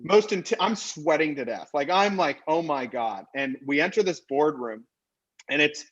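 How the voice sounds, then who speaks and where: A man, a podcast guest and company co-founder, telling anecdotes casually and acting out the dialogue with quick asides. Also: a little high, expressive, dull audio.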